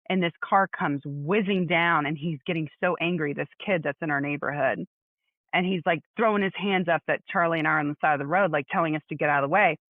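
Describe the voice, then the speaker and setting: A middle-aged woman co-hosting a podcast, chatting casually and telling stories in an animated way. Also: deep voice, dry recording. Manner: animated storyteller, acts out quotes. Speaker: podcast co-host. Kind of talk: casual chat. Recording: dry, phone-like narrow sound.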